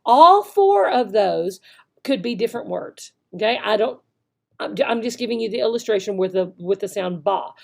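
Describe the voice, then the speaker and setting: Gravelly woman teaching with frequent "okay?". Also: medium pitch, animated, moderate pace. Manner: frequent "okay?" check-ins, demonstrates words with varied voices. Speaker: online English teacher trainer. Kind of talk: instructional video lesson.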